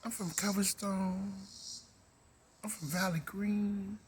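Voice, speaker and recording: Slow and steady in tone, a high-pitched middle-aged man with a Maryland accent rambles through a monologue on his own show. He drawls, hums, and slips into whispers.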